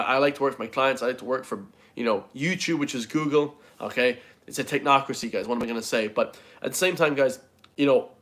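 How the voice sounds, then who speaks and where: A man's voice: medium pitch, fairly bright tone. A man ranting bluntly to camera as a fitness vlogger, swearing a lot and saying "guys" all the time. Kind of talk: casual rant to camera.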